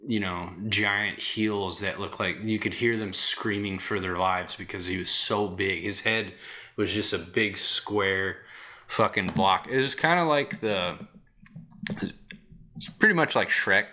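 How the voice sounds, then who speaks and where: Profane, lively male storyteller. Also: lowish voice, measured pace. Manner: profane, rambling and animated. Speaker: podcast host. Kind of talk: casual storytelling.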